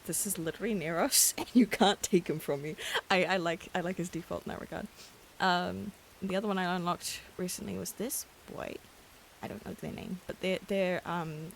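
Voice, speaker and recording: Woman streamer, creaky gravelly voice, quiet late-night casual chat, faint hiss. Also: fairly low pitch. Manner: chatty, giggly, gushing over cute things. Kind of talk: casual live-stream chat while gaming.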